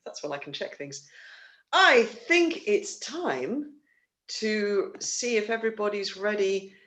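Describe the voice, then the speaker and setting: Animated yet slow, a man with a high, sharp-toned voice hosts his theatre company's online livestream. He talks over a video call, wandering through casual announcements with plenty of fillers and restarts.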